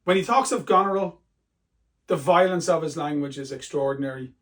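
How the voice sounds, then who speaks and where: Male literature teacher, high voice, chatty and emphatic exam-prep delivery. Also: fairly quick. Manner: conversational, emphatic, reads quotes aloud with feeling.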